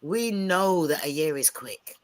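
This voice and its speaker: A woman's voice: low voice, a little slow, crowd noise. A woman and single mother in casual panel talk on a video call, telling stories and acting out what people said. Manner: animated storyteller acting out quotes.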